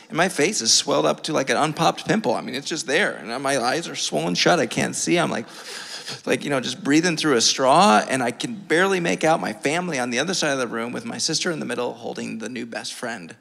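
A man preaching a sermon from a church, telling a funny personal story with lively, self-mocking energy. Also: medium pitch, vocal fry. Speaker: pastor. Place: church sanctuary. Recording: long reverb of a church hall.

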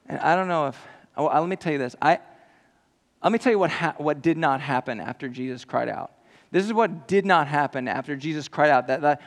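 Man, pastor, gravelly, higher voice, impassioned sermon, long hall reverb. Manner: impassioned, swings from loud to hushed. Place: large room with an audience.

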